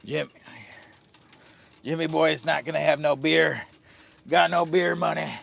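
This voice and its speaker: Gravelly guy live streaming from his tent, talks slow and rambly, jokes with viewers n his dog. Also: fairly high pitch, steady tone, fairly bright tone. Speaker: livestreaming camper and channel host. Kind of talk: casual live-stream chat. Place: tent at a campsite.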